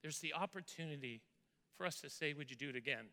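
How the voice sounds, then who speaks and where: Recorded in a reverberant hall, this man speaks fast in a slightly high voice that sounds pushed and bright. As pastor, he earnestly relates a church member's story, then prays over the congregation, repeating words when he's moved.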